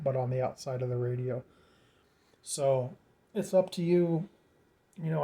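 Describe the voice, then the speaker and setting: A man walks through a radio setup in a loose, rambling way, stumbling over repeated words and filling gaps with "you know." His voice sits dark and mellow, in an ordinary middle pitch. It sounds like a home workshop recording. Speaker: radio hobbyist explaining setup. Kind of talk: casual how-to tutorial.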